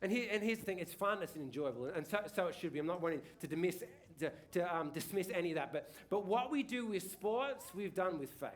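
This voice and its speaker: A man's voice: high voice, lively intonation, fairly quick, few pauses. A middle-aged man, preaching a casual sermon, chatty and rambling, with many restarts and tag questions. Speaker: pastor. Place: church hall.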